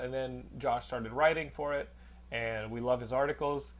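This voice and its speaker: A young podcast host with a mid-range, fairly even voice speaks at normal speed during a casual chat. He rambles through stories, teases his guest, and laughs a lot.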